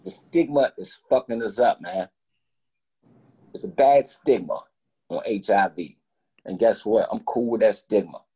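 A man guest telling a story in casual talk, animated and profane, acting out both sides of each conversation. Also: lowish voice, unhurried, long pauses, slightly rough, highs cut off.

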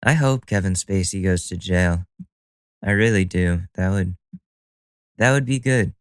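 A man's voice: sits low, a little slow, smooth, no echo. A man hosting a solo podcast in a casual monologue. He is profane and sardonic and laughs at his own jokes. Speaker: podcast host.

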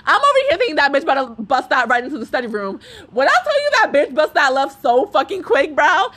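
This podcast's young woman host tells a storytime rant full of profanity, laughing through it. She's a fast talker, very animated, with a high and slightly bright voice.

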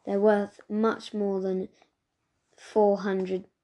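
A woman's voice: medium pitch, little pitch movement, drawn-out words, warm tone. A woman voicing a frightened young boy who pleads urgently with his captor. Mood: persuasive. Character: frightened young boy, desperate and quick-thinking.

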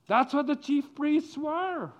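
A man's voice: extremely high pitch, animated, slow pace, muffled recording. A middle-aged man giving a children's sermon, telling the story with animation and asking the children questions. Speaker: preacher.

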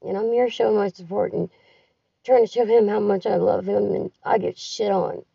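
Gravelly, husky woman venting into a phone. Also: medium pitch, steady tone, moderate pace, dark tone, no echo. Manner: profane, bitter and grieving. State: tired. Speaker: caller leaving a voice message. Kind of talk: raw venting voice message. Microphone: phone voice recording. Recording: dull lo-fi phone audio, distant from the mic.

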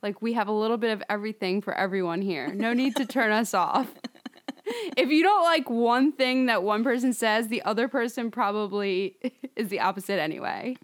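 A woman's voice: on the high side, normal speed. A woman co-hosting a podcast, telling stories in casual chat, chatty with frequent laughs and fillers. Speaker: podcast co-host.

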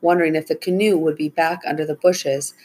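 A woman reading a children's adventure story aloud as narrator, with a husky voice. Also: fairly even intonation, fairly quick, rough recording. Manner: raises her pitch for the children's lines, soft and low on tags.

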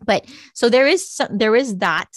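A woman's voice: on the high side, lively intonation, moderate pace, fairly bright tone, no echo, clean studio sound. A middle-aged woman, a psychic medium guest, chatting casually and bluntly, swearing freely and acting out what she and others said. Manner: blunt, swears freely, acts out her own quotes. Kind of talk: casual interview chat.

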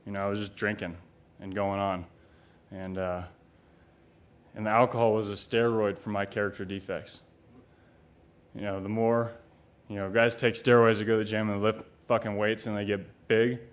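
A middle-aged man with a fairly low voice that barely moves in pitch gives a recovery talk at a retreat, speaking at normal speed. It's a frank, rambling account, blunt and often profane, heavy with fillers, and the recording is dull and lo-fi.

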